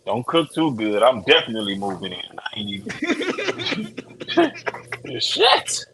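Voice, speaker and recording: A man's voice: mid-range voice, normal speed, vocal fry, noisy background. A man joking through casual podcast banter over a remote call. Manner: joking, lively delivery. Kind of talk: casual chat. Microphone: remote call mic.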